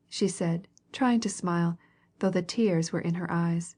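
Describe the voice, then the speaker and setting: A woman reading a classic novel aloud as an audiobook narrator, in a measured way, gently voicing each character. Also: on the low side.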